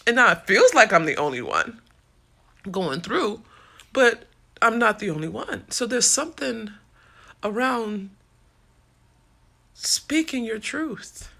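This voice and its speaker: A woman talking straight to her live-stream audience, tired but impassioned, dropping swear words as she goes. Her voice has a gravelly edge over a bright, forward tone. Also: on the high side, big pitch swings, slow, pauses often. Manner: impassioned, swearing, talks to viewers as y'all. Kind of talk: casual live-stream chat reading comments.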